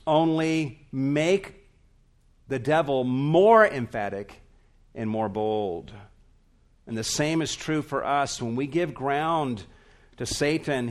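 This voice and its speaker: Earnest man preaching an emphatic sermon. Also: mid-range voice. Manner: earnest, emphatic preaching with drawn-out stressed words. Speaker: pastor.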